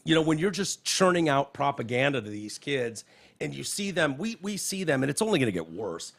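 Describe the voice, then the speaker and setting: A man hosting a podcast, talking in an animated, profane, casual way about the news. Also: fairly high pitch, brisk, vocal fry. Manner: animated, profane, reads quotes aloud. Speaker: podcast host. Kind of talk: casual political chat. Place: podcast studio.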